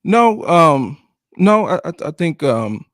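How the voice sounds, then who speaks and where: A man's voice: on the high side, sing-song, slow pace, a bit bright, no room sound, clean studio sound. A man co-hosting a podcast, talking casually and hesitantly, often restarting his phrases. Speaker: podcast co-host.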